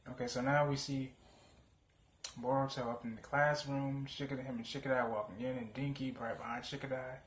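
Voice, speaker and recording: A man's voice: mid-range voice, little pitch movement, a little fast. Laid-back slangy young man, roomy echo. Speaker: anime reaction channel host. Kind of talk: casual reaction commentary. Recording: roomy echo, faint hum.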